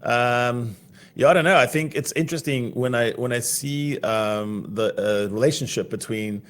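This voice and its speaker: A man's voice: mid-range voice, normal speed, fairly bright tone. A man from South Africa with a South African accent tinged with American, co-hosting a casual podcast chat and joking and laughing often. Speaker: podcast co-host.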